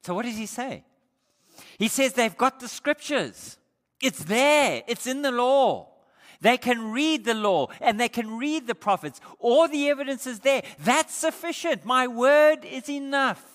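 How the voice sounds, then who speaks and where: A male pastor preaching an emphatic sermon, slowing down to stress key points. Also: extremely high pitch, animated, fairly bright tone. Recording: echoey hall.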